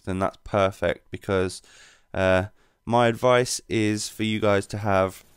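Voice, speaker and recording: A man giving relaxed, rambling commentary over his gameplay as the channel's host. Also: lowish voice, clear, resonant tone, dry recording, clean studio sound.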